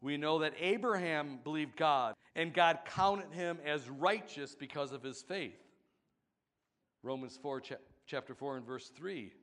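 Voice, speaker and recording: A man's voice: a little high, measured pace, fairly bright tone. A man preaching a sermon, building to emphatic passages and having the congregation repeat scripture with him. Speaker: pastor.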